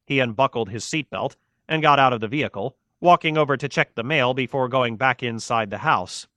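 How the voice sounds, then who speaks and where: A man reading a novel aloud in a steady, measured scripted narration. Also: mid-range voice, no echo, highs cut off. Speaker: audiobook narrator.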